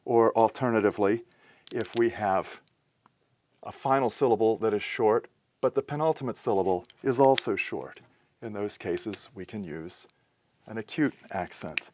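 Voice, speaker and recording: A man's voice: on the low side, normal speed, background noise. A man giving a recorded lesson, explaining step by step in a methodical way and correcting himself now and then. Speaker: teacher. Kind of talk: recorded lecture.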